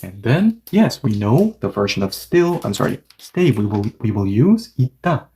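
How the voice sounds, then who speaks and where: A man's voice: lowish voice, very animated, moderate pace, mellow. A man teaching a language grammar lesson, patiently repeating and restating each point and reading example sentences aloud at several speeds.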